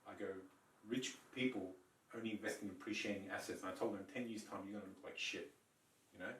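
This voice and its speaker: A podcast co-host with a lowish voice talks fast, telling a story full of swearing and animatedly acting out each person's lines. The room sounds roomy, with the mic set a bit distant.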